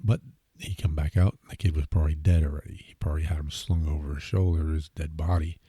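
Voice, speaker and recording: A man's voice: extremely low pitch, steady tone, quick pace, dark tone, slightly rough, dry recording. A man hosting a podcast, rambling casually through a musing monologue full of fillers and asides. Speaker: podcast host.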